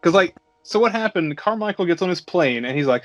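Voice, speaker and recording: A man's voice: high-pitched, lively intonation, a little fast, muffled recording, soft background music. Joking, swearing man recapping a movie. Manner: joking, profane, acts out scenes. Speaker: podcast co-host. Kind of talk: casual movie recap chat.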